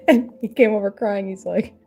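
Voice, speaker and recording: A woman's voice: medium pitch, wildly swooping pitch, measured pace, a little mellow, husky. A woman chatting casually while sculpting, rambling and laughing often, joking at her own expense. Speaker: crafter and mother.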